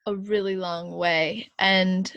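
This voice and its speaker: A woman hosting an interview podcast, asking measured, encouraging questions. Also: mid-range voice, little pitch movement, a bit bright, dull audio. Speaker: podcast host.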